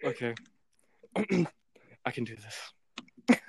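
A man's voice: medium pitch, expressive, a little slow, clean tone, dry recording. A young man hosting a podcast in a rambling, giggly casual chat, swearing freely. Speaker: podcast host.

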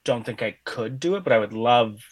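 A man's voice: mid-range voice, animated, brisk. A man guest on a casual podcast chat, talking hesitantly with many fillers. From Canada.

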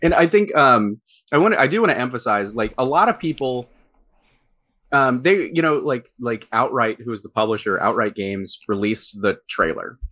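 Bright-voiced man, rambling with fillers. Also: mid-range voice, animated, normal speed. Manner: rambling, many fillers and restarts. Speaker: game writer. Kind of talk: casual interview chat.

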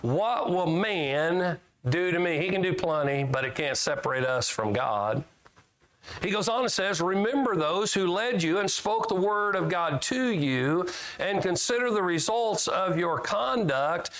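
A man's voice: high-pitched, animated, unhurried, a bit bright. A male preacher giving a sermon in a folksy way, reading scripture aloud and asking his listeners questions. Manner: folksy, asks the congregation questions; reads scripture aloud with rising emphasis.

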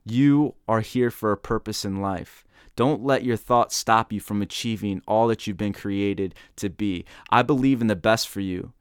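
Earnest motivational man, smooth low voice. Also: moderate pace, no room sound, clean studio sound. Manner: earnest, storytelling, acts out quoted voices. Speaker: motivational speaker. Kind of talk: motivational talk.

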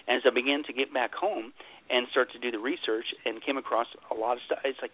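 Husky-voiced man on a tinny line. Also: mid-range voice, fairly even intonation, quick pace. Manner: emphatic and joking, repeats punchlines. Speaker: pastor, interview guest. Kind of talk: animated interview storytelling.

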